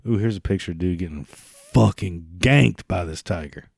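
Man, podcast host, low mellow voice, dry close sound, sarcastic and profane. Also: lively intonation, moderate pace, gravelly, no room sound. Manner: profane, sarcastic, rambling asides. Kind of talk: solo podcast commentary.

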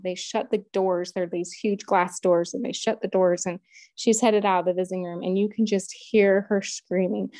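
A woman's voice: medium pitch, darkish tone, no room sound. A woman telling a personal story in an interview, in an earnest, emotional way. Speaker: interview guest.

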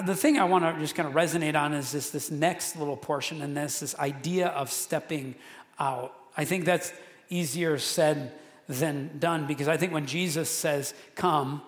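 A man preaching a sermon to his congregation, casual and chatty, often restarting his sentences. His voice sits a little high for a man. The sound carries a long reverb, as in a big church sanctuary. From central Wisconsin. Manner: casual, conversational preaching with many restarts and fillers. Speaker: pastor. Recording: echoey hall with long reverb.

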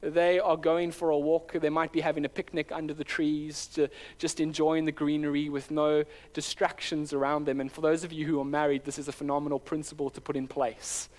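A man with a slightly higher voice delivers a sermon to his congregation. He preaches earnestly and conversationally, circling back and restarting phrases as he builds his points. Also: flat delivery, brisk, hardly any pauses, darkish tone. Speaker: pastor.

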